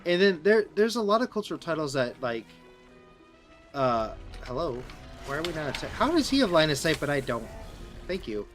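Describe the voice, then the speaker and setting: A man's voice: a little high, sing-song, moderate pace, fairly bright tone, soft background music. A man with a Midwestern American accent, a streamer chatting casually with viewers while playing, rambling and restarting his sentences. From Southern Illinois, USA. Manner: rambling, answers chat, restarts sentences often. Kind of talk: casual live-stream chat while gaming.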